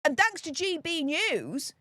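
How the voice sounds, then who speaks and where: Northern English woman, political commentator, high voice, dry close sound, indignant ranting delivery. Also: big pitch swings, measured pace, bright, forceful tone, no room sound. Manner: indignant, ranting, repeats herself for emphasis.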